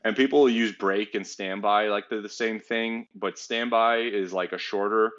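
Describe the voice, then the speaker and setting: A man with a fairly low voice chats casually and swears often. He slips into quick mimicked voices to act out radio calls. The recording sounds dull and lo-fi. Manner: profane, animated, acts out radio chatter in mimicked voices. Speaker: podcast co-host. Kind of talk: casual chat.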